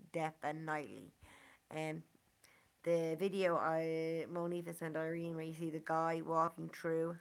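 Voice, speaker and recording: An Irish woman with a Dublin accent speaks in an unhurried, earnest monologue. Her voice sits a little low and has a gravelly fry to it. She leans on "you know" again and again as she talks. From Ireland. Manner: earnest, repeats 'you know' often. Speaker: community member speaking to a channel. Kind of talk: casual monologue.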